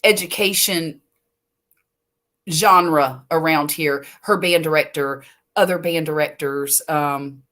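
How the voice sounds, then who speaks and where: Late at night, an older woman from the US Gulf Coast hosts a livestream from home, chatting slowly and rambling while she reads viewer comments and laughs easily. Her voice is low-pitched with a slight brightness.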